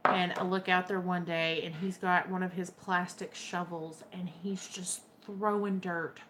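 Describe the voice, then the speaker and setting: A woman's voice: fairly low pitch, level tone, measured pace, noisy background. A young woman with a Texan accent, chatting casually to her viewers and telling wry stories. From Texas. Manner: chatty, storytelling, wry and drawling. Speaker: vlogger. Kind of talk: casual chat to camera.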